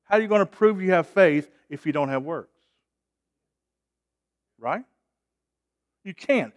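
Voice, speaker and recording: A man preaching a sermon, emphatic, with call-and-response and loud rising peaks. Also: high-pitched, lively intonation, measured pace.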